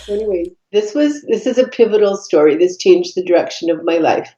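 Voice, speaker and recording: A woman, a podcast guest telling her life story in an earnest, reflective way, pausing often with fillers. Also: lowish voice, warm tone. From Canada. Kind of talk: personal storytelling in conversation. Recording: dull echoey room recording.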